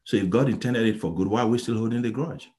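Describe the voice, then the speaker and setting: A man from Nigeria preaching a sermon, telling a story with sudden loud exclaims and soft pleading passages. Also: fairly low pitch, fast talker.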